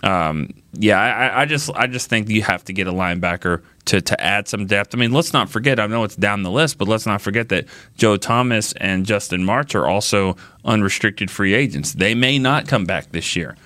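A man's voice: on the low side, normal speed, hardly any pauses, sharp tone, dry recording. A man talking casually on a sports podcast panel, thinking aloud with frequent restarts.

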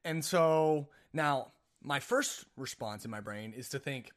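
A man's voice: mid-range voice, lively intonation, takes it slowly. A man hosting a casual solo podcast, telling a rambling story full of jokes and self-mocking asides. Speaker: podcast host.

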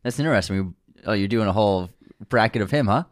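A man's voice: lowish voice, fast, no room sound, studio quality. A man co-hosting a movie podcast, joking around and reading ads. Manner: lively, joking. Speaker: podcast co-host. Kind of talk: casual chat and ad reads.

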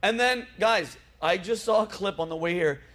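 A man's voice: high-pitched, moderate pace, fairly bright tone. A man hosting a casual comedy chat show, ranting animatedly and swearing freely. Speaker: host.

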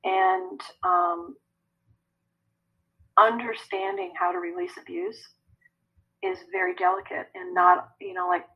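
A woman who works as an energy healer, answering podcast interview questions in a chatty, animated way. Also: on the high side, takes it slowly, gravelly, pauses often, slightly rough, lo-fi sound. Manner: animated, conversational, laughs often.

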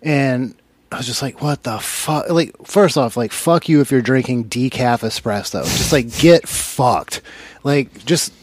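A man's voice: mid-range voice, a little slow, no echo. A man co-hosting a casual comedy podcast, telling a story as a profane rant. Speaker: podcast co-host.

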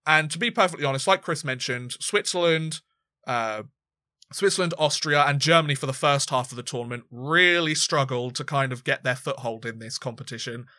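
This man co-hosts a sports podcast, speaking fairly quickly in a mid-range voice with a sharp tone. His talk is casual and rambling, full of restarts and fillers, in a clean, dry studio recording.

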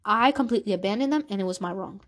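A woman with a mid-range voice speaks in rapid-fire bursts as she hosts a podcast. She tells a personal story in an earnest, confessional way, acting out the conversations she remembers.

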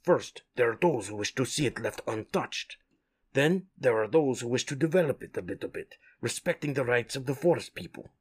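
A wise jaguar mutant, protector of the jungle, speaks slowly and solemnly in a husky voice at a middling pitch, as a man reads him, tossing in the odd Spanish word. The tone stays measured and grave throughout the comic story. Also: animated.

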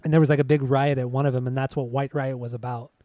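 A man's voice: mid-range voice, flat delivery, fast talker, mellow, no echo, studio quality. A man co-hosting a podcast, chatting casually and teasingly about music. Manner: laid-back, teasing, laughs often. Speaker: podcast co-host.

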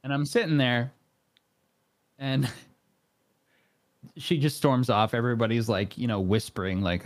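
A man spins a casual anecdote as a podcast guest, pitch in an ordinary middle range. He leans on fillers and keeps breaking into laughter. The sound is dry and close. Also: a little slow, pauses often, no room sound. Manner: animated, laughing often, many fillers. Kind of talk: casual storytelling.

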